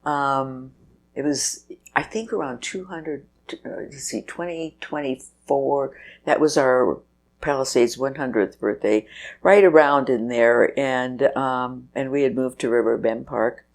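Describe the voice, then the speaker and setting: A woman's voice: extremely low pitch, a little slow, a little mellow. An older woman, a guest on an interview show, telling stories in a chatty way and laughing as she goes. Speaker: guest, festival organizer. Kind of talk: casual interview storytelling.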